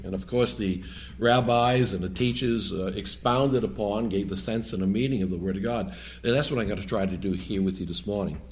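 A man's voice: on the low side, fairly quick. A man from New England with a New England accent, preaching as a lay preacher in a church. He reads scripture, then talks in a loose, rambling way with joking asides. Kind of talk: sermon with scripture reading.

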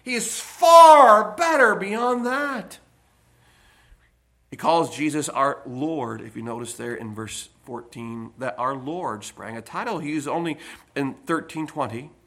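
A man preaching a sermon from the pulpit in a church, emphatic, with loud stressed phrases and quiet asides. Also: fairly high pitch, animated, measured pace. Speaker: pastor.

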